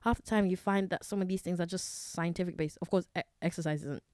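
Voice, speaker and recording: Low-voiced chatty woman podcaster. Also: steady tone, fast talker, a little mellow, clean tone, no echo, studio quality. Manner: chatty, self-correcting, many fillers. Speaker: podcast host. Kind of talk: casual solo podcast talk on wellness.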